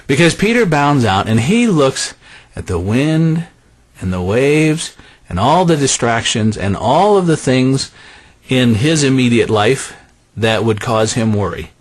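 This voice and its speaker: Animated male preacher. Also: a little slow. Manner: animated, conversational, dropping soft and low on key phrases. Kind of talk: sermon.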